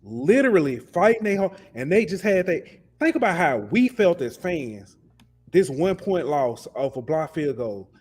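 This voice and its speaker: Male sports podcast co-host, fired-up rant, slightly higher voice, casual and repetitive. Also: big pitch swings, measured pace, a little mellow. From lives in Alabama. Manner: passionate, ranting, repeats words.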